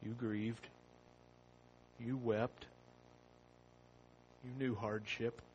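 A man preaching a sermon. He opens with a prayer, then reads scripture slowly and with rising force. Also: medium pitch, little pitch movement, dull audio, slight background noise. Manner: slow and deliberate, rising loud when reading scripture.

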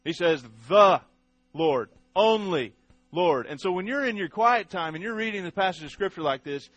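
Emphatic pastor, dry close sound. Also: male voice, high voice, expressive, quick pace, fairly bright tone, no room sound, soft background music. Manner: emphatic, asks the congregation questions, repeats words. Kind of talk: sermon teaching.

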